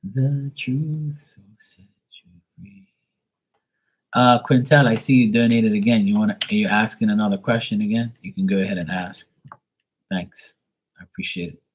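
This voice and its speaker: A man hosting a casual live tarot reading, affectionate and encouraging, reading card messages slowly into a phone. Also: lowish voice, fairly even intonation. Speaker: live tarot card reader, stream host.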